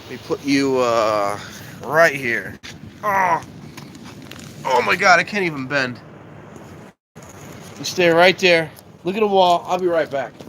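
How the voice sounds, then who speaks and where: A man with a slightly high, expressive, bright voice hosts a casual live stream from a handheld phone, speaking slowly with long pauses and a forceful tone. Out in the cold at night and later in an elevator, he jokes, rambles, and keeps promising to wrap up. The audio has a roomy echo and clear background noise.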